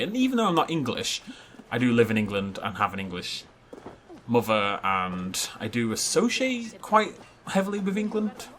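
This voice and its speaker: A man's voice: on the low side, fairly bright tone, slight background noise. A young man hosting a casual let's play, chatty and self-mocking, rambling into anecdotes as he plays. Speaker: gaming video host.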